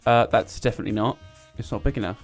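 A man's voice: lowish voice, soft background music. A playful man from England chatting bluntly with a friend on a day out. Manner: playful, blunt, quick to call things fake. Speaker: co-host. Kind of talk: casual banter on a day trip.

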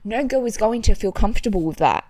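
A young woman in casual chat, reacting with shock and sympathy and asking quick questions. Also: mid-range voice, animated, dark tone, no room sound. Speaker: listener.

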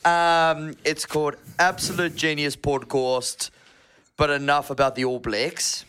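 Smooth-voiced man reading reviews. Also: a little high, flat delivery, measured pace, fairly bright tone. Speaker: podcast co-host. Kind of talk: casual chat.

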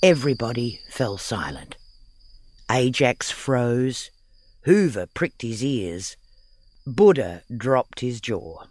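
A man narrating a children's audiobook story in an expressive, playful reading. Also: medium pitch, takes it slowly, no echo.

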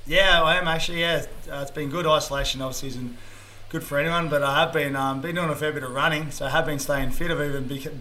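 Bright-voiced man, chatty. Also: fairly high pitch, steady tone, fast, a little hiss or hum. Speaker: guest.

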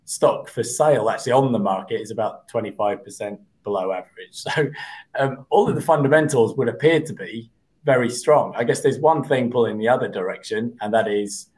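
A man speaking as a guest expert, slightly croaky from a cold, explaining things in a measured way. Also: mid-range voice, darkish tone, poor audio. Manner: measured, explanatory, lists data points. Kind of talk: casual interview talk.

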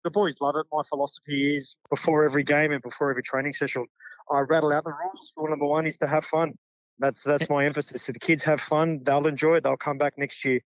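A man's voice: a little high, little pitch movement, fast, dry recording, highs cut off. A middle-aged Australian man, a junior football coach, talking sincerely in a casual interview. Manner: sincere, heartfelt.

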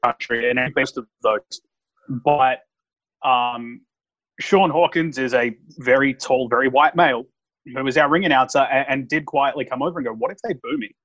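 A man hosting a podcast and telling stories in casual chat, animated, with quick asides. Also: medium pitch, lo-fi sound. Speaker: podcast host and wrestling referee.

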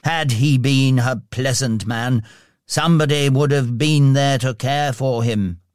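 A man's voice: mid-range voice, unhurried, smooth, dry recording, clean studio sound, lightly acted. A man doing a grim town gossip.

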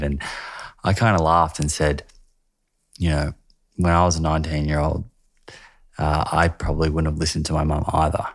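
A man hosting a podcast, asking questions in a measured, searching way with some restarts. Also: rumbling low, vocal fry, dry recording, clean studio sound. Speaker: podcast host. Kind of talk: conversational interview.

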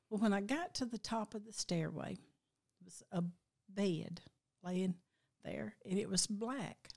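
An older woman tells a personal dream in a slow, reflective way, her voice sometimes breaking with emotion. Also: mid-range voice, darkish tone. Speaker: guest recounting a dream.

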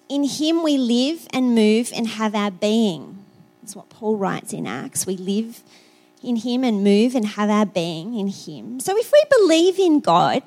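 A high-pitched middle-aged woman with an Australian accent delivers a sermon. She talks the way she would chat to friends, telling stories and sometimes repeating words as she thinks. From South Australia. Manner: conversational, storytelling, repeats words. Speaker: preacher.

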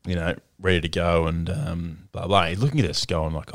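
A man's voice: low voice, fairly even intonation, moderate pace, no echo, studio quality. An Australian man hosting a casual chat, telling a story with lots of laughter and restarts. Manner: laughs through stories, rambling. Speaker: podcast host.

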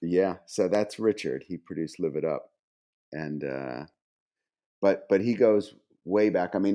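Deep-voiced man in his fifties. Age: 50s. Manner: animated, laughing anecdote teller with many restarts. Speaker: podcast guest. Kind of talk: casual storytelling.

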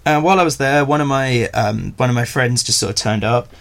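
A man's voice: mid-range voice, brisk, gravelly, fairly bright tone. A young man, telling a rambling, self-deprecating story as a podcast guest. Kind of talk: casual storytelling chat.

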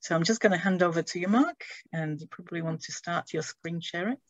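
A woman's voice: fairly low pitch, a little fast, no echo, dull audio. A woman opens an online event as host, speaking hesitantly and filling the gaps with ums. Her voice is recorded close and dry. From Scotland. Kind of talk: formal event introduction.

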